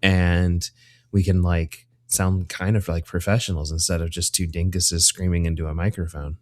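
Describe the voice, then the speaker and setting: A man's voice: low-pitched, little pitch movement, normal speed, a little mellow. A man hosting a podcast from a room at home on his own microphone. He talks in a rambling, jokey way and keeps correcting himself mid-sentence. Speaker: podcast host. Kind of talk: casual chat. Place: home room, separate from co-host.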